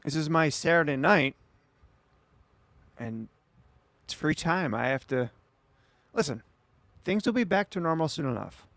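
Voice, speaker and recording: A man's voice: on the high side, lively intonation, unhurried, long pauses, fairly bright tone, no echo. A man streaming late at night, chatting casually and rambling back at his viewers.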